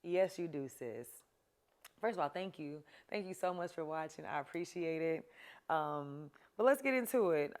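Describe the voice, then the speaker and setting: A woman's voice: low-pitched, animated, moderate pace. A woman hosting a talk show, giving chatty, emphatic advice to her viewers and laughing often. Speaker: show host. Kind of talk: casual advice talk to camera.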